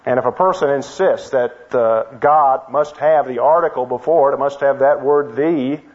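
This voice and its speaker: A pastor delivering a measured, explanatory expository sermon, teaching verse by verse. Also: male voice, medium pitch, highs cut off.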